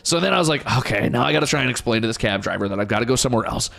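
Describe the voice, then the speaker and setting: This man streams to his chat, casually spinning an energetic story packed with swearing. His gravelly, mid-range voice races along in a profane, animated telling.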